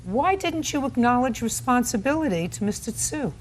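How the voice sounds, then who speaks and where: A woman's voice: fairly high pitch, expressive, moderate pace, slight background noise. A woman presiding as a television courtroom judge, stern and interrupting, mocking what others said with sarcasm.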